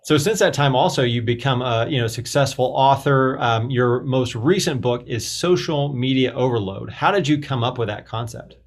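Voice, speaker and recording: A man's voice: medium pitch, normal speed, hardly any pauses. A man hosting an interview, asking questions and giving brief, friendly reactions. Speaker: podcast host.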